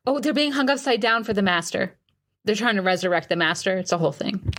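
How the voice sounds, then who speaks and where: A woman narrating as game master in a tabletop game, with a mid-pitched voice. She speaks casually and chattily with frequent fillers. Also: quick pace, a bit bright.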